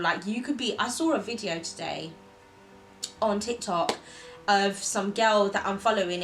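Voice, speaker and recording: A woman's voice: mid-range voice, a little hiss or hum, low-quality recording. Chatty woman telling a story. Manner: chatty, animated quoting of others. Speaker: vlogger. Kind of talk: casual storytelling chat to camera.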